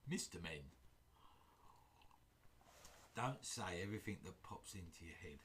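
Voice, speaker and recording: Broadcasting live from his home workshop, a woodturner greets viewers with loose, humorous banter. His voice is low, a bit bright and animated, slightly slow, and there's a light hiss or hum in the audio.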